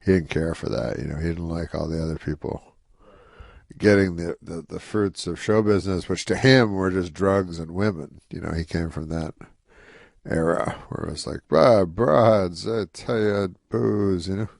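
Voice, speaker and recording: Deep, gravelly-voiced man rambling deadpan. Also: moderate pace, no echo, studio quality. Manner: rambling, deadpan, full of "you know" asides. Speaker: comedian guest telling a story. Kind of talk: casual anecdote in an interview.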